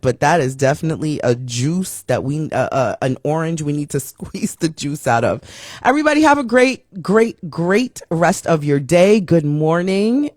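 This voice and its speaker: A woman's voice: on the low side, a little mellow, dry recording. A woman hosts a casual live-stream show in a chatty, upbeat way, greeting viewers and reading their comments aloud. The sound is dry, with no room around it.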